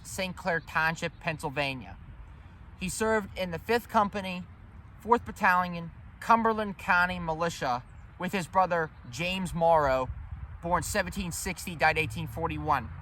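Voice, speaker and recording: A man giving an emphatic, rambling history talk to viewers while standing outdoors in a cemetery, calling them ladies and gentlemen. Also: sits high, moderate pace, slight background noise. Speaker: history vlogger. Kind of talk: walk-and-talk history vlog.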